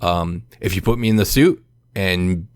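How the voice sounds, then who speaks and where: A man's voice: low voice, unhurried, smooth, dry recording, clean studio sound. A man co-hosting a podcast, casually and animatedly recounting a game session and acting out voices. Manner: animated storyteller, acts out voices. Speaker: podcast co-host. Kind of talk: casual storytelling chat.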